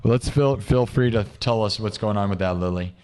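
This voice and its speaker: Man, young adult, lowish voice, livestream host, casual chat, rambling, jokey, rhetorical questions. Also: moderate pace, darkish tone, smooth. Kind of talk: casual livestream chat, reading viewer comments.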